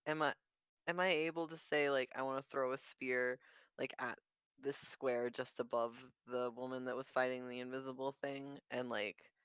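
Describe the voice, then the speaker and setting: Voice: mid-range voice, steady tone, normal speed, fairly bright tone, smooth, no echo. A player in a tabletop game, asking rule questions in a hesitant way. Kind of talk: casual play chat.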